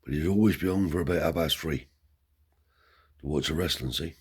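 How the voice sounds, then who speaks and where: Man, very deep voice, husky, rambling storyteller, cant words, chatty asides. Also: a little fast. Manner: rambling yarn-spinning with Romani cant words and tag questions. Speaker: storyteller and channel host. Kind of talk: casual spoken storytelling.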